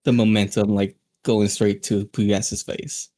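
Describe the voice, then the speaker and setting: A man's voice: on the low side, level tone, takes it slowly, warm tone, no echo. A man playing at a tabletop game, laughing and chatting loosely. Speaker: player. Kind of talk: casual tabletop play.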